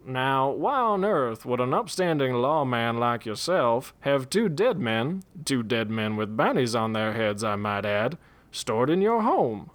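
A man's voice: on the high side, lively intonation, fairly bright tone. A man voicing a wry, amiable, unflappable gunfighter. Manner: dry, amiable, unhurried.

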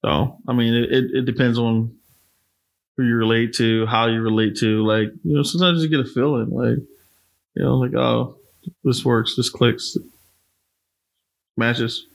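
Man, casual chat, loud and passionate, mid-pitched voice. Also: steady tone, moderate pace, gravelly. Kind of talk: casual conversation.

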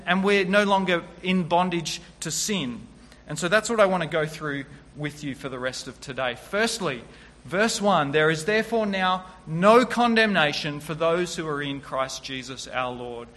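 High, bright-voiced man preaching in a reverberant hall. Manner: earnest, emphatic, teaching through scripture verse by verse. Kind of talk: sermon. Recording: long reverb of a large hall.

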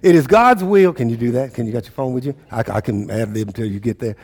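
A male pastor preaching a sermon, calling out to the congregation and swinging between shouts and low murmurs. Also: quick pace, long reverb tail. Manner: preaching with call-and-response, rising and falling intensity.

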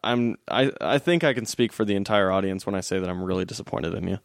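A man's voice: sits low, fast, dry recording, studio quality. A young man hosting a podcast in casual chat, easygoing and encouraging, teasing his co-host with a laugh in his voice.

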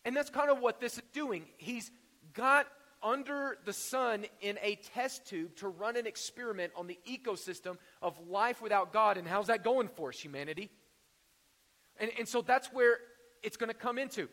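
A man's voice: sits high, moderate pace, bright, forceful tone, big-room sound. A man preaching a sermon in a conversational way, with jokes and rhetorical questions. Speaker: pastor.

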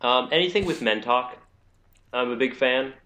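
A man's voice: medium pitch, moderate pace, pushed and bright. A man co-hosting a podcast in a laid-back, hesitant way, laughing easily. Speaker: podcast co-host. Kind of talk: casual chat. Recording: dull lo-fi microphone.

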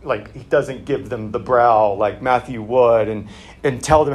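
A man's voice: medium pitch, measured pace. A male pastor giving a conversational sermon in a church, talking plainly with casual fillers.

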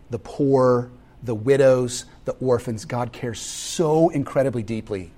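Lively, animated male preacher. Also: medium pitch. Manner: animated, acts out family scenes with voices. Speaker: pastor. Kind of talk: sermon.

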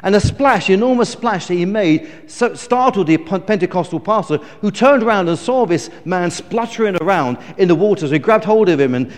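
Male preacher, middle-aged, high-pitched, emphatic storyteller, big church reverb. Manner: storytelling, emphatic, self-correcting. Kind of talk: sermon.

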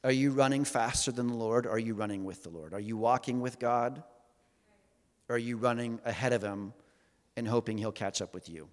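A man's voice: mid-range voice, brisk. A man preaching a sermon in a conversational, humorous way, often asking the congregation questions. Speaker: pastor. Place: church hall with congregation. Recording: long hall reverb.

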